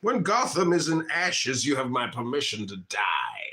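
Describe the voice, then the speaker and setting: A masked film villain, a man with a deep, measured and menacing voice. He speaks slowly, calm and theatrical, as if each word is a threat. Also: slight background noise, exaggerated voice. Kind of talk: film clip played on stream.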